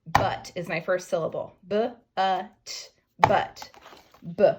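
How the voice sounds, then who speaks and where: A woman teacher giving a phonics writing lesson to young children, slowly sounding out each word letter by letter. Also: fairly low pitch, fairly even intonation, very noisy. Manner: slow, sounding out words letter by letter.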